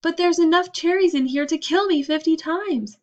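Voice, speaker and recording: A woman's voice: very high-pitched, normal speed, darkish tone, muffled recording, voice pushed up. A woman reading a storybook, voicing a panicky, dramatic sixth-grade girl who wails. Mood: panicked. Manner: wailing, panicky.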